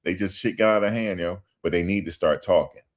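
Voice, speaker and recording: Deep-voiced, slangy livestream commentator. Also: male voice, fairly quick. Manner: animated, slangy, repeats himself for emphasis.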